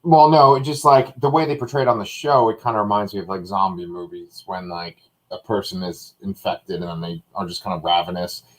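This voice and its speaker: A man's voice: deep voice, steady tone, fairly quick, low-quality recording. Male co-host, casual live review, hesitant and thinking aloud.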